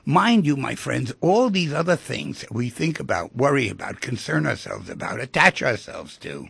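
A man's voice: mid-range voice, sing-song, moderate pace, dry recording. A man hosting a radio talk show, speaking reflectively and turning emphatic at times. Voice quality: gravelly, husky voice. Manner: reflective, swings from hushed to emphatic.

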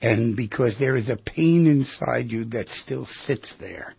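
A man's voice: medium pitch, unhurried, vocal fry, husky, dry recording. A middle-aged man hosting a radio call-in show, counseling callers in a direct, coaxing, plain-spoken way. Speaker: radio call-in host and therapist. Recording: dry, muffled radio broadcast audio.

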